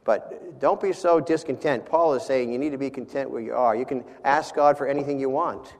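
A man preaching a sermon and reading scripture aloud, then closing in prayer, moving between loud emphasis and quiet, soft passages. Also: medium pitch, brisk. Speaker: pastor. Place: church sanctuary. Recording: long reverb of a church hall.

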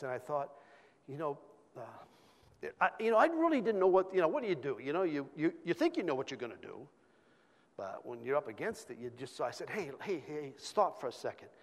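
A man telling a personal testimony in an informal sermon, halting with repeated words and fillers. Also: fairly high pitch, in a large hall. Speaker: church speaker sharing a testimony.

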